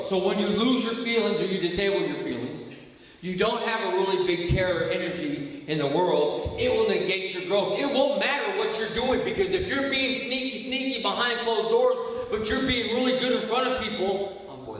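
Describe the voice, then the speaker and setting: Impassioned high-voiced man preaching in a hall. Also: moderate pace. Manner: impassioned, swings from low and hushed to loud. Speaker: recovery ministry speaker. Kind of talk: preaching to a recovery group. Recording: echoey hall, mic from far off.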